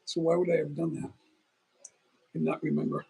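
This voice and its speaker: A man's voice: on the high side, level tone, fairly quick, gravelly, warm tone, slightly rough, low-quality recording. A middle-aged man hosting a phone livestream, chatting in a meandering way, eating as he talks, sounding tired. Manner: meandering, talks while eating, restarts often. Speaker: livestream host. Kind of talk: rambling casual livestream chat.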